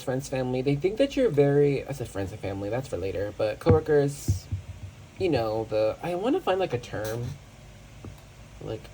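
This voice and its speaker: A tarot reader talks through a casual pick-a-card reading in a mellow, rounded voice over faint room ambience. The delivery is reflective and unhurried, with frequent pauses, fillers and restarts while hunting for the right word. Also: mid-range voice, slight background noise, rough recording. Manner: searches for words, with many fillers and restarts; reflective, thinking aloud.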